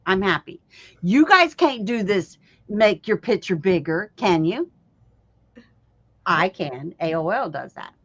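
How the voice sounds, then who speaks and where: A woman's voice: mid-range voice, big pitch swings, slow, long pauses, breathy edge, no room sound. A woman co-hosting a live stream, chatting casually and laughing often as she tells stories. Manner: storytelling, laughs often, acts out voices in retelling. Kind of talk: casual chat. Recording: dull lo-fi stream audio.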